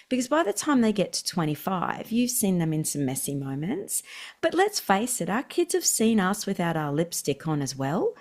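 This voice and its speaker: A woman's voice: mid-range voice, normal speed. A middle-aged woman. She is a parenting expert guest on a podcast who tells stories with lots of energy and laughs often. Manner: animated storytelling, laughs often. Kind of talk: podcast interview.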